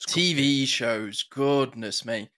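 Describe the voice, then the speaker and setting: A man's voice: medium pitch, slow pace, pushed and bright. A man co-hosting a podcast in casual chat, playful, quoting songs and catchphrases. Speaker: podcast co-host.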